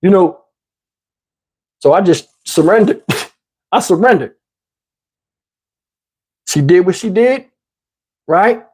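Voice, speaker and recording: A man in his fifties hosting a livestream, telling a story casually and profanely, animated and rambling with many restarts. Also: high voice, takes it slowly, pauses often, slightly rough. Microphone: wearing a microphone.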